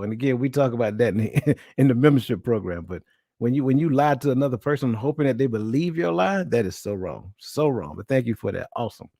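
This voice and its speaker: A man's voice: mid-range voice, darkish tone, no echo. Upbeat host guy, encouraging, dry close sound. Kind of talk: casual discussion.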